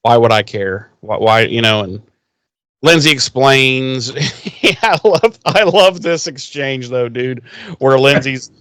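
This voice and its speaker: Guy on a podcast recapping a show, smooth dry voice, lots of laughing and cussing. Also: medium pitch, unhurried, pushed and bright, no echo. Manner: laughing, profane, retells scenes in quoted voices. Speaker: podcast co-host. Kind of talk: casual recap chat.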